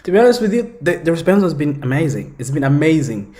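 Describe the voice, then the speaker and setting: Man telling stories with animated restarts. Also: fairly high pitch, fast talker. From Democratic Republic of the Congo. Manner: storytelling, animated, frequent restarts and fillers. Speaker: comic book creator and guest. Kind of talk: casual interview conversation.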